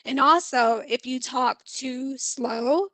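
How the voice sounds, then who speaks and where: A woman teaching an online seminar on speaking skills, her voice pitched high. She explains each point in a clear, instructive way and acts out short vocal examples. The sound is dry and close, picked up by a computer mic on a video call. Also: takes it slowly, pushed and bright, no echo, rough recording. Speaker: communication instructor.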